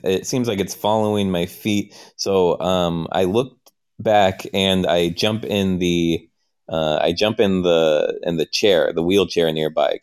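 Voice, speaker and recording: Low-voiced man improvising a story. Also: darkish tone, clean tone. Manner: halting, questioning, self-narrating. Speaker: player in an improvised story game. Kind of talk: improvised role-play.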